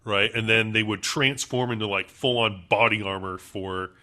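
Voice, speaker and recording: A man's voice: fairly low pitch, steady tone, normal speed, pushed and bright. A man co-hosting a casual podcast chat, enthusiastic and full of fillers. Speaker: podcast co-host.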